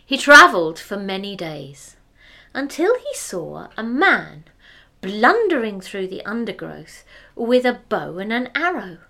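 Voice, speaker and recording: A woman telling a fairy tale aloud, expressive, dropping to whispers for effect. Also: medium pitch, measured pace, vocal fry. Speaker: storyteller. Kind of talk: oral fairy-tale storytelling.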